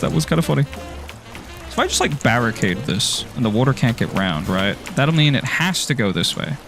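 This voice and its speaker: An Irish man streaming a game, rambling and joking with his viewers and laughing often. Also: mid-range voice. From Ireland. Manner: rambling and jokey, laughs often, self-teasing. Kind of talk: casual gameplay commentary, chatting with viewers.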